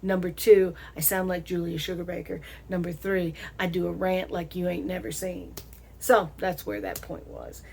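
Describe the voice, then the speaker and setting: A woman's voice: fairly low pitch, little pitch movement, creaky, mellow, a little hiss or hum. A middle-aged woman with a Southern American accent, talking casually to her audience as a vlog host, laughing often. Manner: chatty, laughs often, slow drawn-out emphasis. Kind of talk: casual monologue to camera.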